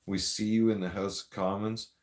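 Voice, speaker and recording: A man's voice: on the low side, flat delivery, moderate pace. A man hosting a live stream, ranting at his viewers in a confrontational, rambling way, addressing them directly.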